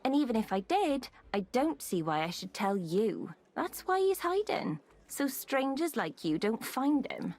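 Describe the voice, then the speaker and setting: A woman's voice: a little high, very animated, unhurried, hardly any pauses, darkish tone. Flirty Welsh bathhouse lady. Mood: guarded. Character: flirty bathhouse woman, teasing and guarded. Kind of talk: game voice acting.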